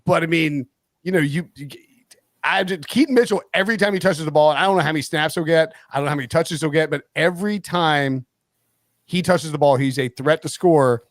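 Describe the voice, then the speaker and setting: A man hosting a live sports betting stream, talking in a rambling, animated way and often cutting himself off. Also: a little high, fairly quick, dry recording, clean studio sound. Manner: rambling, animated, self-interrupting. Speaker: host.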